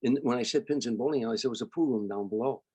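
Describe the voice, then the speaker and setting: An older man from Chicago, a comedian guest, telling stories in an animated way and acting out the people he quotes. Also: mid-range voice, rapid-fire, slightly rough, dry recording. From Chicago, United States. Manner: animated storyteller, acts out quoted voices. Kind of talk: storytelling interview.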